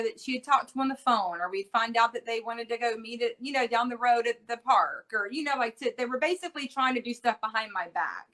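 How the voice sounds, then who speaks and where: A middle-aged woman, a guest on an interview show, speaking earnestly with halting phrases, restarts and repeated words. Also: a little high, a bit bright, low-quality recording. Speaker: interview guest, bereaved mother. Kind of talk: casual interview talk.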